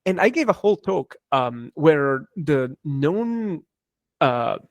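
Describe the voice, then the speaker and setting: A man speaking as a guest in an interview, answering thoughtfully with frequent pauses and restarts. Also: fairly high pitch, big pitch swings, dry recording. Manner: thoughtful, hesitant with many fillers and restarts. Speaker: cryptography engineer and guest.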